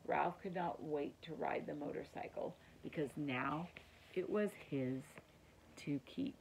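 A woman's voice: low voice, unhurried, creaky, slight background noise, low-quality recording. A woman reading a children's chapter book aloud as a teacher would, telling it expressively for children. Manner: expressive storytelling, addresses children. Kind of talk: children's story read-aloud.

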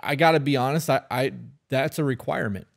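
Casting note: man podcast co-host, mid-pitched voice, blunt and profane, casual. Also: fairly quick, gravelly. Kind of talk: casual chat.

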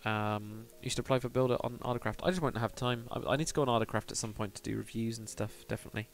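Male streamer with a gravelly, fry-heavy voice; rambling thinking-aloud delivery, answers viewer chat. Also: medium pitch, fairly even intonation, fast talker. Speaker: live streamer. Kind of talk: casual live stream chat while building in a game.

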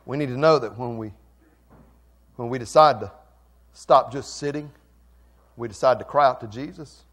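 A male pastor preaching a passionate sermon that swings between loud and soft. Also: mid-range voice, normal speed.

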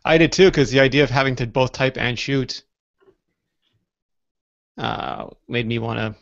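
Playful, gravelly male podcast host. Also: medium pitch, a little slow, pauses often. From South Africa. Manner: playful, teasing, jumps into joke voices. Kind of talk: casual live podcast chat. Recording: lo-fi online call audio.

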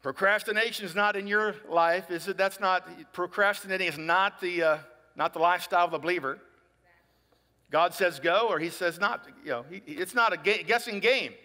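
High, bright-voiced male pastor preaching. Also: moderate pace, big-room sound. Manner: conversational, asks "right?" often, acts out people in dialogue. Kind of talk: sermon.

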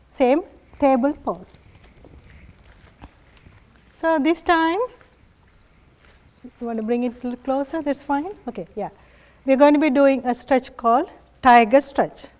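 Slow, gentle higher-voiced woman yoga teacher. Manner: gentle, encouraging, laughs often. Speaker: yoga instructor. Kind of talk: guiding a family yoga class.

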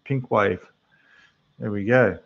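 An Australian man chats loosely to his livestream viewers while building models, his voice lowish and a little rough. The sound is dull and lo-fi, and it fades a bit when he turns from the mic. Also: slow. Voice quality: rough, losing its depth. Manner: chatty, rambling, talks to the chat while building. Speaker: scale model livestream host. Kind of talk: casual livestream chat. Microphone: desk microphone, quieter when turned away.

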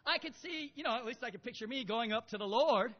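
A man preaching a sermon, animated, moving from quiet storytelling to loud exhortation. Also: extremely high pitch, fast talker. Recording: lo-fi with long hall reverb.

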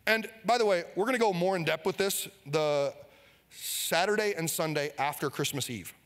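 A male pastor preaching an energetic sermon, leading the congregation in call-and-response. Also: on the high side, moderate pace, long reverb tail. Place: church sanctuary.

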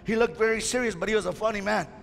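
Fiery high-voiced male preacher, gravelly. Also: very fast, slight background noise. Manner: impassioned preaching, rising to shouts. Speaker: pastor. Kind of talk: fiery sermon. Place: church sanctuary. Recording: reverberant church hall with faint music.

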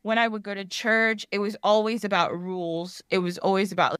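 A woman talking as a podcast guest in casual chat, rambling and animated, often laughing and acting out quoted voices. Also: mid-range voice, fairly quick, smooth, no room sound, clean studio sound.

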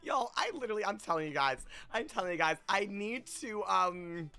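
A young man streaming a game live, chaotic and high-energy, often squealing and laughing as he chats with viewers. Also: lively intonation, normal speed, gravelly, sharp tone. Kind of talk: livestream gaming chat.

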